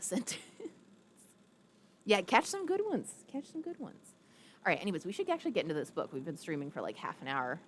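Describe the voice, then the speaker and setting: Young woman streamer, casual rambling chat, lively pitch, low voice, faint room hum. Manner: chatty, rambling, reads chat aloud; coos in a high baby voice to a pet. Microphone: streaming setup with a ring light.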